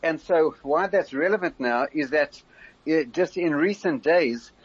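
An older man, a former community leader, explaining current affairs in a measured radio interview, often restarting his sentences. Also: a little high, breathy edge, no echo, dull audio.

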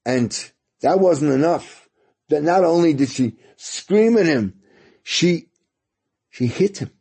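A male radio host telling a moral story in a Torah talk, halting and repeating words as he goes. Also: on the high side, animated, dark tone, husky.

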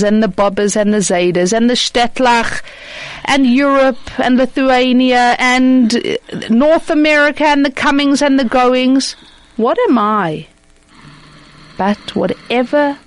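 A woman discussing marriage through religious teaching, expressive and acting out imagined voices. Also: a little high, dry recording, poor audio.

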